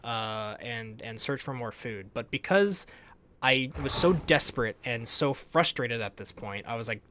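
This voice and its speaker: Young male gamer, casual animated recap voice, middle pitch, phrases trailing off. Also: a little slow, a little hiss or hum. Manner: animated storytelling, laughs often, trailing off quieter at ends of phrases. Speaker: gaming YouTuber.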